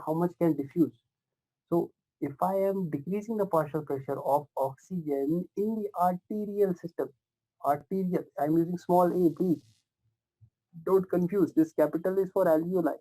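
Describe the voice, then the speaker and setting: A man giving a live pathology lecture in a somewhat high, gravelly voice with a soft, mellow tone. He keeps asking his students whether they follow and repeats each point, filling pauses with "you know" and "uh". His delivery is patient and explanatory. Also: rough recording. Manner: repetitive questioning, addresses students warmly as "my dears" and "guys"; frequent fillers and self-corrections. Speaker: pathology teacher.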